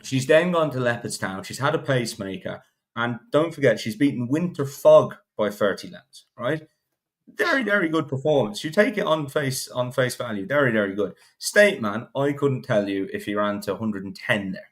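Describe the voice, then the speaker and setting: Man, podcast panelist, blunt and sweary, stop-start delivery, mid-pitched voice. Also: expressive, normal speed. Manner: blunt, swearing, restarts sentences. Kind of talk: casual racing podcast chat.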